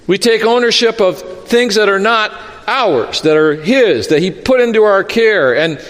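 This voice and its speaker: A man with a high, light voice preaches a sermon, acting out quotes and asides as he retells a Bible story. His voice rings out in a big hall with a long reverb tail. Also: unhurried. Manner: expressive storytelling with acted-out quotes. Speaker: pastor.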